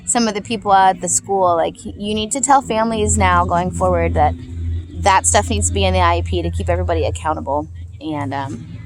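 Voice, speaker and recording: Rambling woman with a gravelly voice. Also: on the low side, normal speed, a little hiss or hum. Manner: rambling, loose and heartfelt. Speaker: parent vlogger. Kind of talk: casual vlog chat.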